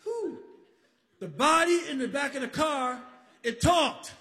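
A man from the Bronx telling a story on a live stage, animated, acting out voices and shouting at times. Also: extremely high pitch, takes it slowly. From the Bronx, New York. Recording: live stage recording in a reverberant hall.

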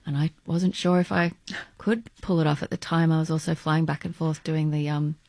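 An actress from Australia, talking in a halting, searching way as a guest in an interview. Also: female voice, low-pitched, little pitch movement, a little mellow, dry recording, studio quality. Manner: halting, searching for words, many restarts. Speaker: stage and screen actress, guest. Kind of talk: casual interview chat.

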